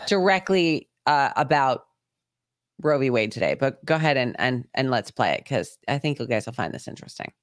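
Halting woman co-host. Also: rumbling low, lively intonation, no echo, studio quality. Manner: halting, filler-heavy talk. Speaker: podcast co-host. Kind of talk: casual podcast chat.

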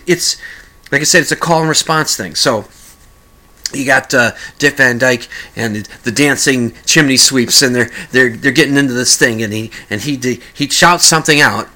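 Male podcast host, chatty and rambling, bright forceful tone. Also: mid-range voice. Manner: rambling, with many restarts and sung mock lyrics. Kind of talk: casual monologue.

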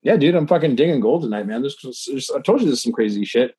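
A man's voice: medium pitch, expressive, fast, warm tone, slightly rough, no room sound. A tipsy man co-hosting a podcast, rambling and swearing as he reads news stories aloud with many restarts. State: tipsy from drinking. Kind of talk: casual profane banter, reading articles aloud.

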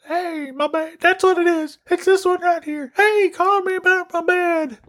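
Brief: squeaky high ancient man put on by a man, muddled and rambling, drawn-out phrases, dry close sound. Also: fairly even intonation, sharp tone, no room sound, exaggerated voice. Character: frail man in his nineties, thin high voice, rambling.

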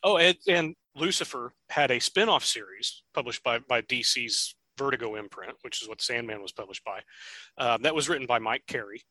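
A man co-hosting a casual podcast, chatty and quick to laugh, often restarting his sentences. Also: mid-range voice, sharp tone, no room sound. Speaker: podcast co-host. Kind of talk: casual chat.

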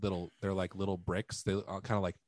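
A man's voice: low voice, flat delivery, fast, darkish tone, no echo. A man co-hosting a podcast in casual chat, joking and emphatic as he tells stories. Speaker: podcast co-host.

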